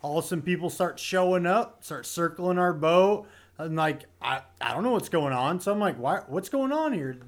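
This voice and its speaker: A man telling a story in casual podcast talk, lively and laughing easily. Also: fairly high pitch, normal speed.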